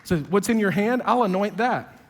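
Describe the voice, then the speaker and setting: High-voiced pastor preaching in a hall. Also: male voice, lively intonation, normal speed. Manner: emphatic, swings from low and quiet to loud and raised; sarcastic, joking asides. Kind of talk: sermon. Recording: long reverb of a big hall.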